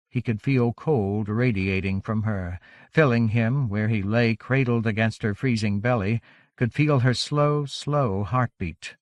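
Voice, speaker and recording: A man's voice: lowish voice, measured pace, no echo. Man narrating an audiobook, dry and close.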